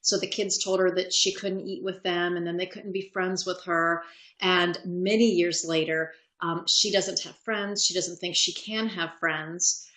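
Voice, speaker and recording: A woman moderator reads audience questions aloud in a fairly low voice. She speaks carefully and hesitantly, with frequent fillers. The recording sounds echoey, as if she is in a reflective room. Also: steady tone, measured pace, a bit bright. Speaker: webinar moderator.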